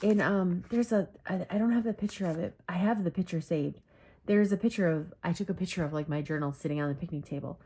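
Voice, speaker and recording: A woman from Michigan, USA talks casually on camera about her journals, rambling and self-correcting with plenty of fillers as she fights back tears. Her voice is fairly low and warm.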